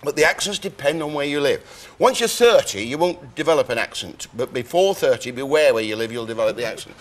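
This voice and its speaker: An older man explaining science facts on a chat show, animated, breaking into quick impressions of sounds and voices as he goes. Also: mid-range voice.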